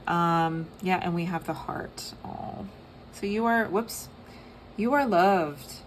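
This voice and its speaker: A young woman giving a casual tarot reading, soft and rambling with many fillers. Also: on the low side, slow pace, a little hiss or hum. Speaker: tarot reader.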